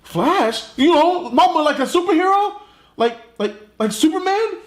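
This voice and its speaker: A man putting on a frantic young superhero with a high, strained voice, blurting out slangy exclamations. The voice rings in a roomy space. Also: animated, a little slow. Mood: baffled. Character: young male superhero, panicky and confused.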